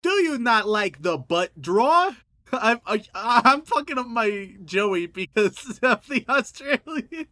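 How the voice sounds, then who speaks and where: Brief: male podcast co-host, animated pitch, bright voice, giggly and excitable. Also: takes it slowly, dry recording, studio quality. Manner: excitable, laughs a lot, swears. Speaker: podcast co-host reading listener prompts. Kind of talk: casual chat.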